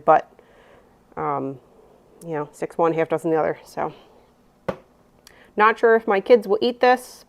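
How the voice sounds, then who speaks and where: A woman's voice: lowish voice, darkish tone. A woman in her thirties, a mother casually narrating a grocery haul with lots of "um"s and rambling asides. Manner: chatty, rambling with many "um"s. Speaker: vlogger, mother.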